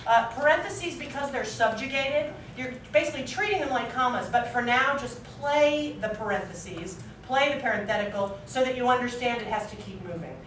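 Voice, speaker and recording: A woman's voice: a little high, lively intonation, normal speed, hardly any pauses, a bit bright, a little hiss or hum. A woman acting teacher leading a classroom drill, constantly quizzing her students and checking in with "right?". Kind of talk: classroom instruction. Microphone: far camera. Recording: echoey room from far off.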